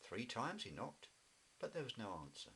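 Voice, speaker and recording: A man reading a children's story aloud in a gentle, expressive way. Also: mid-range voice, normal speed, slight background noise, low-quality recording. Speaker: narrator.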